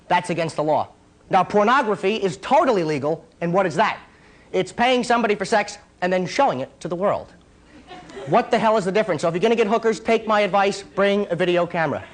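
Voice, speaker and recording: A man in his twenties doing a stand-up comedy set, hyper and rapid-fire with his jokes. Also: high voice, slight background noise. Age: 20s.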